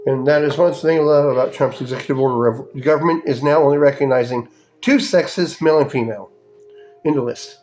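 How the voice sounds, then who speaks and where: A man with a mid-range, darkish voice talks fairly quickly over soft background music. As a podcast host, he rants angrily in a profane monologue, swearing heavily and imitating others mockingly.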